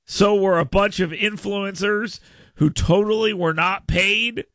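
A man's voice: high voice, steady tone, a little slow, a bit bright, no room sound, studio quality. A man hosting a political talk radio show, ranting sarcastically. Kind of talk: opinionated talk radio monologue.

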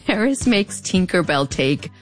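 A woman narrator with a slight fronterizo border accent and a somewhat low voice, telling a scripted story in a wry, chatty way. She drops playful, sassy asides, and soft music runs faintly underneath. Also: sing-song, unhurried. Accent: fronterizo (US-Mexico border). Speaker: podcast narrator.

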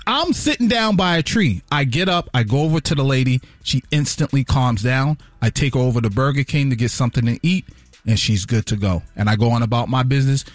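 A man co-hosting a morning radio show, telling stories in an earnest, animated way. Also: medium pitch, brisk, dry recording. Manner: animated storyteller, lively and earnest. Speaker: radio co-host. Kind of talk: casual morning radio chat. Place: radio studio.

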